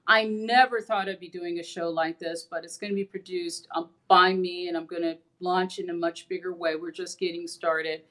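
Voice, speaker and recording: A woman's voice: lowish voice, moderate pace, few pauses. A woman hosting her own show, talking to viewers in an earnest, encouraging way and acting out the stories she tells. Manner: animated storyteller acting out characters' lines. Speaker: host. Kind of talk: motivational monologue to viewers.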